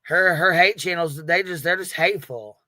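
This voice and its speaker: A man's voice: fairly high pitch, moderate pace, sharp tone, dry recording. A man hosting a livestream panel in casual chat, brash and profane and laughing often.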